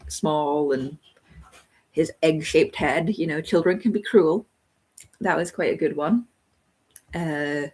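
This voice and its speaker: Woman host, casual live-stream reviewer; low, slightly breathy voice, meandering and talkative. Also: a little mellow. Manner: rambling and chatty, thinking aloud with many ums.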